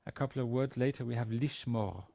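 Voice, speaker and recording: A man's voice: medium pitch, brisk, vocal fry, mellow. A man teaching a university Biblical Hebrew lesson, reading sentences aloud, translating them and explaining the grammar step by step. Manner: methodical, reads Hebrew then translates and explains. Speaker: university lecturer.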